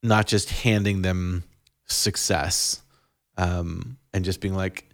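A man with a lowish voice chats casually as a podcast co-host, talking about his kids. He rambles a bit, restarts his sentences and laughs often. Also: steady tone, slow pace, gravelly. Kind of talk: casual conversation about parenting.

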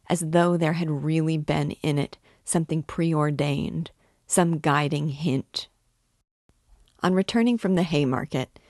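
Brief: woman reader for a novel reading lesson, low and measured, dry close mic. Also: no room sound. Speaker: literature teacher reading aloud. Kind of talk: novel read aloud.

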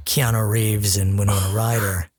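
A man's voice: lowish voice, flat delivery, moderate pace, darkish tone, husky, dry recording. A man co-hosting a podcast, chatting casually in a playful, teasing way. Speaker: podcast co-host. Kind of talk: casual chat.

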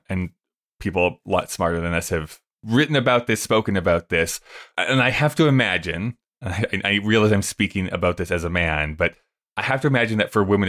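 A man's voice: low-pitched, a bit bright. Thoughtful, teasing man podcast co-host. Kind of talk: casual podcast chat.

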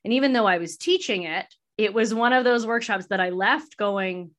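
A woman's voice: mid-range voice, moderate pace, fairly bright tone. A woman podcast host answering interview questions in a candid, reflective way, laughing easily. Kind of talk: casual conversational interview.

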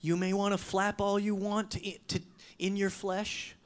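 Emphatic preacher, loud then hushed. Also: mid-range voice, fairly even intonation, moderate pace. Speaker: pastor. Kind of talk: sermon.

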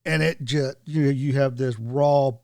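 A man from North Carolina co-hosting a podcast, talking in a relaxed, unhurried way. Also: medium pitch, gravelly, no echo. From North Carolina, USA. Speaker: podcast co-host. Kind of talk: casual chat.

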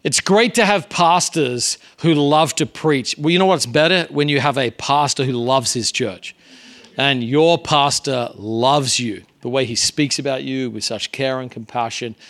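A man's voice: medium pitch, measured pace, a bit bright. A man preaching as a guest pastor at a church, earnest and conversational, with frequent fillers. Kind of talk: sermon. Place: church sanctuary.

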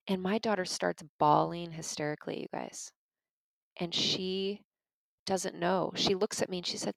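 In an informal teaching talk on parenting and emotions, a woman with a lowish, gravelly voice speaks unhurriedly and with fairly even intonation. She is earnest and conversational, telling stories and calling her listeners "you guys." The recording is dry and the audio poor.

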